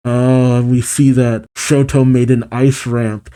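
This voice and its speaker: Dark-voiced man reading manga aloud. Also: medium pitch, level tone, slow pace, hardly any pauses, clean tone. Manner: narrates panels, adds brief reactions. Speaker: manga reaction host.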